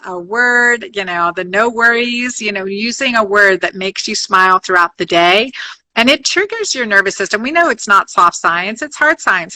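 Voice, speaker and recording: A bright, clear-toned middle-aged woman speaks as a doctor on a podcast. Her delivery is upbeat and loosely structured, with frequent restarts and numbered points. Her pitch sits in an ordinary middle range for a woman. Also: rough recording. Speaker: physician guest. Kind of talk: podcast interview.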